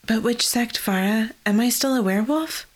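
A woman voicing an anxious young woman who has just become a werewolf, speaking high and urgently. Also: moderate pace, close to an everyday voice.

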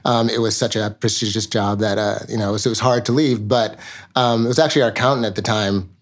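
Guest: middle-aged man from New York, low voice, rapid casual talk full of restarts. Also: steady tone. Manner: quick, with frequent restarts and fillers. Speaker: record label co-founder, guest. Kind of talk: casual interview chat.

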